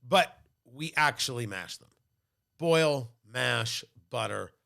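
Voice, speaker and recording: A man's voice: medium pitch, takes it slowly, vocal fry. A middle-aged man co-hosting a casual podcast chat, telling food stories with enthusiastic, playful bursts. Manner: animated, enthusiastic storytelling with playful outbursts. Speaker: co-host.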